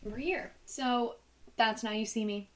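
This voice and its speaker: A young woman co-hosting a podcast, chatting casually about movies with animated storytelling and frequent laughter. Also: fairly high pitch, a little slow. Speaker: podcast co-host. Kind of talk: casual movie-review chat.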